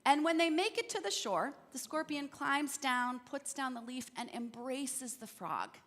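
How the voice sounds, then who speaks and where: A woman leading a church service, telling a fable gently and asking her listeners questions. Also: high-pitched, expressive, unhurried. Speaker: worship leader. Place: church sanctuary. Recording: church hall reverb.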